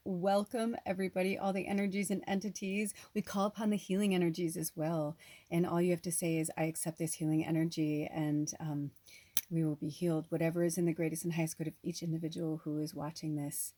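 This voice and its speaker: A woman's voice: lowish voice, steady tone, brisk, a little mellow, no echo. Gushing chatty woman medium. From US West Coast. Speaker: spiritual medium and tarot reader. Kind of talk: casual vlog unboxing. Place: at home, off-grid.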